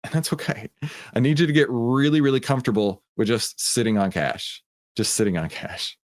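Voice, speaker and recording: A Texan man talks through a live stock-trading stream in a loose, conversational way. He greets viewers by name and drifts through plenty of fillers at an ordinary middle pitch. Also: brisk. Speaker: livestream host of a trading room. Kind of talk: casual live-stream talk.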